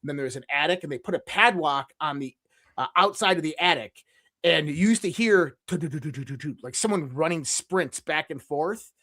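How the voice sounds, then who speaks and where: A young adult man, a podcast guest, telling personal stories in a casual, animated way, imitating sounds and restarting his sentences often. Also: on the high side, normal speed, no echo, studio quality. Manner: animated storyteller who imitates sounds, with frequent restarts and fillers. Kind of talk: casual conversational storytelling.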